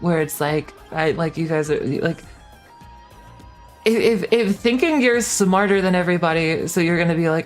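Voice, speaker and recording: A woman's voice: on the low side, moderate pace, faint music behind. A young woman in her twenties, a streamer ranting casually, heated and swearing with lots of fillers and restarts. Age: 20s. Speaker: VTuber streamer.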